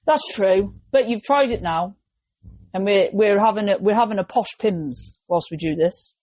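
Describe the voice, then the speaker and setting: English woman host, casual podcast chat, animated and talkative, dry close sound. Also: medium pitch, normal speed, dry recording. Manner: chatty, animated, jumps into quoted voices.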